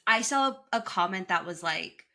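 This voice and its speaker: A woman's voice: medium pitch, moderate pace. A woman co-hosting a podcast, chatting casually and animatedly about a reality show, swearing freely. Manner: animated, quotes people in put-on voices, swears freely. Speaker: podcast co-host.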